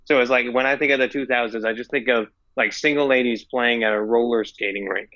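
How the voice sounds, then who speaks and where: A young man co-hosting a podcast in casual chat, talking in a hesitant, halting way and often repeating his words. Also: medium pitch, fairly even intonation, pushed and bright, dull audio. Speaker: podcast co-host.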